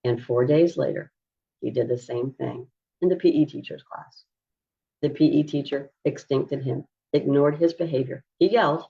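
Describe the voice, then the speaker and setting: A woman who coaches parents on autism, explaining behavior strategies in a calm, measured teaching style. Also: rumbling low, creaky, husky. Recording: dull lo-fi recording.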